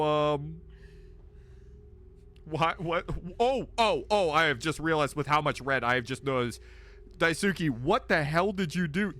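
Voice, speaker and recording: A young man narrating his own game playthrough with loose, joking commentary and frequent laughter. His voice is bright and a little high, and it swings widely in pitch. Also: a little hiss or hum. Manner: animated, joking, laughs often. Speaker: let's play streamer.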